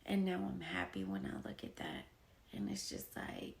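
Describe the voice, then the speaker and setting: A young adult woman talking casually and from the heart to her viewers, slow and reflective, with soft whispered asides. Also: on the low side, wildly swooping pitch, background noise. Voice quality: gravelly vocal fry. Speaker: poet and painter sharing her story. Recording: echoey room.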